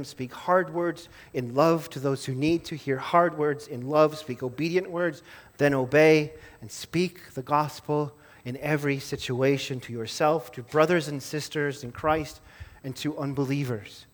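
A man preaching a sermon as pastor, earnest, rising to emphatic stress and then dropping low and soft.

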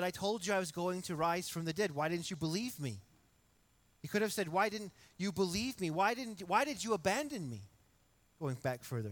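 Middle-aged male pastor, earnest conversational sermon delivery, a touch high-pitched. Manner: earnest, conversational preaching with asides and restarts.

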